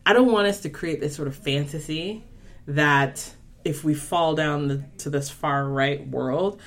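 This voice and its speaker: A woman's voice: low-pitched, unhurried. A woman talking as a podcast guest in casual chat, often hesitating and restarting.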